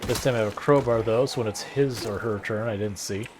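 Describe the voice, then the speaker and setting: A man's voice: fairly low pitch, brisk, background noise. Rambling streamer man, sarcastic. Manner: rambling, self-deprecating and sarcastic. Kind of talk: casual gameplay chat.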